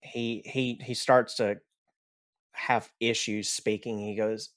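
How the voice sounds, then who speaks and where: A man narrating a tabletop game as game master, in a slow and rambling way with restarts. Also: lowish voice, little pitch movement, a bit bright.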